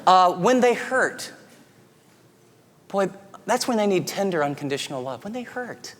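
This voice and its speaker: A middle-aged man preaching a sermon, earnest and conversational, often dropping to soft, tender tones. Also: high voice, very animated, unhurried. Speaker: pastor. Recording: long reverb of a large hall.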